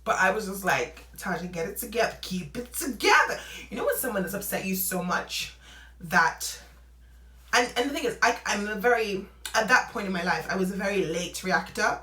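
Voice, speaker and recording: A young adult woman vlogging a casual storytime, animated and laughing as she acts out what people said. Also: mid-range voice, normal speed. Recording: roomy echo, away from mic.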